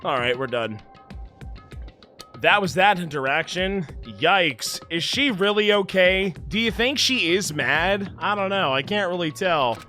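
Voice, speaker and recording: A male streamer giving animated, jokey let's play commentary and reading game text aloud. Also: high-pitched, a little slow, faint music behind.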